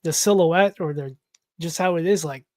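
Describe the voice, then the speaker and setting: A man's voice: a little high, moderate pace, darkish tone, no room sound. A man co-hosting a comic book podcast, brash and teasing, swearing freely. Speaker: podcast co-host. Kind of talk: casual chat about comics.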